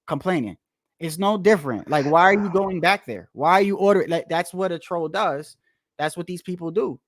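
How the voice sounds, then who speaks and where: A man's voice: sits high, a little fast, no room sound, clean studio sound. A man hosting a casual boxing podcast, talking in a rambling, profane way that repeats phrases. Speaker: boxing show host.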